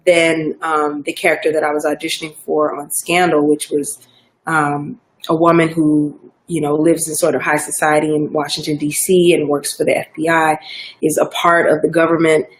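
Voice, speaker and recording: A woman's voice: low voice, little pitch movement, moderate pace. A woman from Georgia with a Southern American accent, a guest in a casual interview, chatting loosely with lots of fillers and restarts. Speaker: actor guest.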